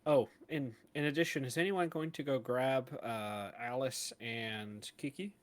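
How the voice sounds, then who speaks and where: A man in his twenties narrating a tabletop game as game master, with an unhurried manner and plenty of pauses. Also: medium pitch. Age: 20s. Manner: unhurried, hesitant narration with fillers.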